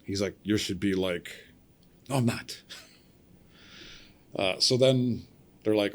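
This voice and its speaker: A man's voice: lowish voice, takes it slowly, pauses often. A middle-aged man on a podcast telling a story casually, acting out the voices of the people in it and laughing along. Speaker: podcast guest, cable splicer.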